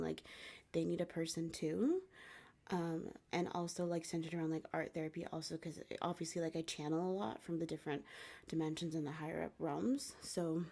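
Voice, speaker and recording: A young woman vlogging in a loose, rambling way, full of fillers and restarts. Her voice sits low with a gravelly, fry-edged texture and a mellow, dark tone. Now and then she drops into a soft whisper. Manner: drops into soft whispers when quoting spirit guides. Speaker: psychic medium and spiritual consultant. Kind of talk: casual talk to camera.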